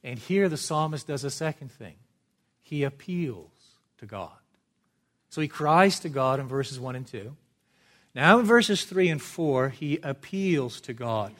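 A man from Canada preaching a sermon as pastor, with dramatic swings from a hushed, quiet delivery to loud, urgent emphasis. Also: mid-range voice, lively intonation, measured pace.

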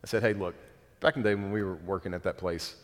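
A man's voice: low-pitched, fairly even intonation, quick pace. A man in his thirties, a pastor preaching a sermon in a conversational, earnest way with self-deprecating asides. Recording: long reverb of a large hall.

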